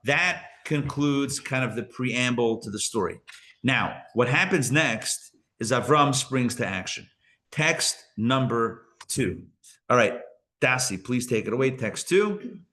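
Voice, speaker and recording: A rabbi giving a live Torah class, talking conversationally and paraphrasing the verses with lively emphasis. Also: male voice, mid-range voice, slow. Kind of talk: live class lecture with discussion.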